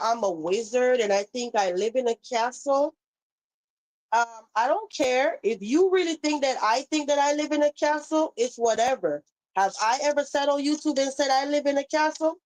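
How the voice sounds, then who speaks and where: A woman's voice: fairly high pitch, a little mellow, poor audio. A woman with a Caribbean accent, hosting a heated live stream, reading chat comments aloud and scolding someone in a sassy way. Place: home.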